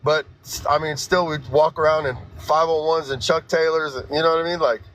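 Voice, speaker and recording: A man's voice: on the high side, flat delivery, a little fast, fairly bright tone, a little hiss or hum, poor audio. A man from California with a slight country twang, chatting casually and rambling as he acts out what other people say. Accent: rural California twang. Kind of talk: casual chat.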